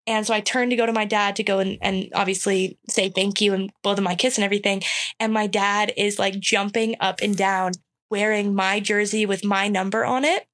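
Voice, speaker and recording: A woman's voice: medium pitch, brisk. Chatty young woman telling stories. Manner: animated, acts out quotes, laughs often. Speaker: softball pitcher guest. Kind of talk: casual interview storytelling.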